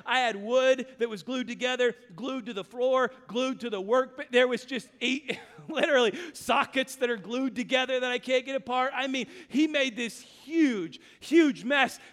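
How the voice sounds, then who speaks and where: A high-voiced man preaches to a congregation, swinging between quiet reflection and loud, lively storytelling. His voice rings with a long hall reverb. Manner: animated storytelling, acting out his son's voice. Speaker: pastor. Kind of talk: sermon.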